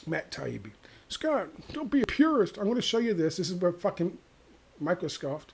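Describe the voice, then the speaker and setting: A man delivering a profane, exasperated, sarcastic rant as a vlogger, with a gravelly voice. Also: medium pitch, darkish tone, a little hiss or hum. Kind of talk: ranting monologue to camera.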